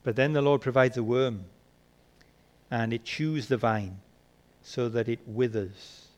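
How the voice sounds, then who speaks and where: A man preaching a sermon, asking rhetorical questions and swinging between soft and emphatic delivery. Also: mid-range voice, a little slow.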